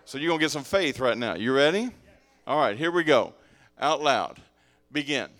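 A man's voice: medium pitch, lively intonation, normal speed, fairly bright tone. A male pastor preaches a sermon to his congregation, calling out for responses and mixing in jokes and casual asides. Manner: joking, conversational asides. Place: church sanctuary with congregation.

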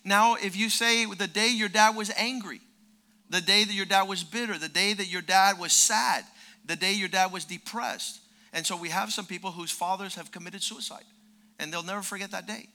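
A man preaching a sermon as pastor, animated, jumping from quiet asides to loud shouts. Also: high-pitched, normal speed.

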